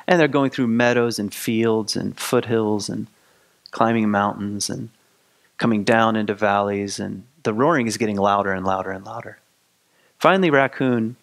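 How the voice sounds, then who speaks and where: A man, a spiritual teacher, telling a story in a casual, halting way with frequent restarts. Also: fairly low pitch. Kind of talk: storytelling talk.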